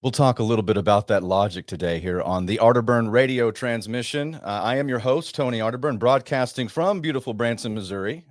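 Low-voiced man hosting a radio talk show. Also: no echo, clean studio sound. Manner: rambling, chatty storyteller with asides. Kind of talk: casual radio monologue.

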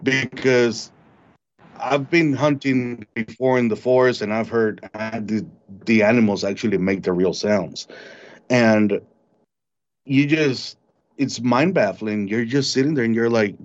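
A man recounting a frightening encounter in an interview, halting and repeating words as he tells it. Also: mid-range voice. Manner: halting, repeats words when shaken, mimics animal sounds. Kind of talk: storytelling in an interview. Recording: dull lo-fi recording.

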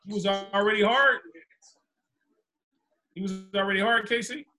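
A man's voice: high-pitched, normal speed, sharp tone. A man hosting a casual talk show, asking teasing, joking questions. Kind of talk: casual podcast banter.

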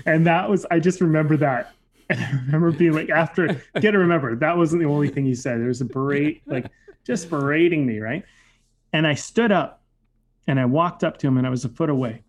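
Speaking fairly quickly in a voice on the high side, a man casually tells a personal story. He's reflective, and his talk is heavy with fillers like "like" and "you know," especially "like."

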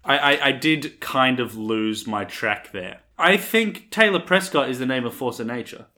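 Bright-voiced man puzzling it out. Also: medium pitch, lively intonation, moderate pace. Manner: thinking aloud, methodical. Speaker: player. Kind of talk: casual puzzle-solving chat.

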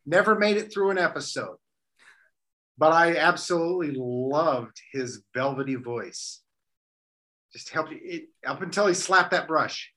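A man's voice: fairly high pitch, lively intonation, measured pace, bright, forceful tone. A man co-hosting a radio show, chatting casually with rambling, self-deprecating humor. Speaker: radio co-host. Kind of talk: casual banter.

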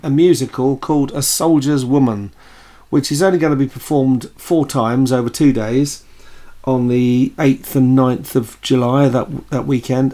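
A man co-hosting a podcast in casual chat, relaxed and chatty, laughing easily as he tells stories about acting. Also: medium pitch. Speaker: podcast co-host and actor.

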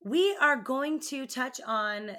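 A hoarse woman from Utah co-hosting a podcast, with giggly, teasing banter in casual chat. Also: sits high, animated, slow, bright, forceful tone. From Utah, USA. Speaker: podcast co-host.

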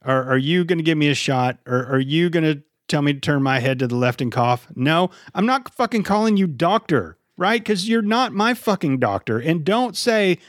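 A man in loose podcast banter who rants and swears with mock outrage. His voice sits a little high for a man. It is recorded close and dry, with no room sound. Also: lively intonation, moderate pace, hardly any pauses, dry recording. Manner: profane, ranting, mock-indignant. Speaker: podcast co-host. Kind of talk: casual chat.

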